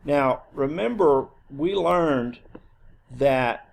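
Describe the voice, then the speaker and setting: A man teaching a recorded math lecture, explaining step by step in a relaxed way, with a few restarts and fillers. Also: a little high, extremely slow, gravelly, a little hiss or hum.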